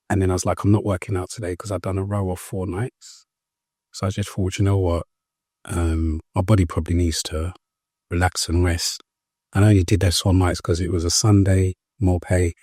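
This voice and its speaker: A young man with a deep, slightly husky voice tells his story as an interview guest. He speaks earnestly, step by step, padding his sentences with ums and starting over. The sound is close and dry. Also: mellow, dry recording. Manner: hesitant, full of ums and restarts. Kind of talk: personal story in a conversational interview.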